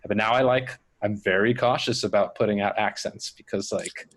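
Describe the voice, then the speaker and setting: A man's voice: fairly low pitch, fairly even intonation, normal speed, fairly bright tone. Male podcast host, easygoing and reflective, overthinks on mic. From Miami area comedy scene. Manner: reflective, rambling, overthinks aloud. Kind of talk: casual chat.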